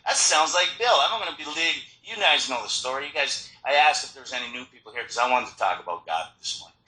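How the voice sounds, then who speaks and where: Man telling his recovery story at a meeting, sharp bright tone, roomy hall sound. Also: medium pitch, fast talker. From Florida. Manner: storytelling, animated, frequent restarts. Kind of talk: personal recovery talk.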